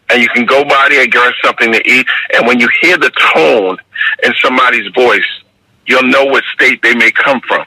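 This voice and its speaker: An older man with a New York accent, talking in a measured, reflective way during an interview and often checking in with "you understand?". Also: medium pitch, sharp tone, husky, no room sound, rough recording. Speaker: guest, basketball referee mentor.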